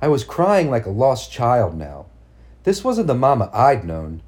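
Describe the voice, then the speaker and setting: A man reading a first-person story aloud as narrator, in a measured, hushed storytelling manner. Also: mid-range voice, wildly swooping pitch. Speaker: audiobook narrator.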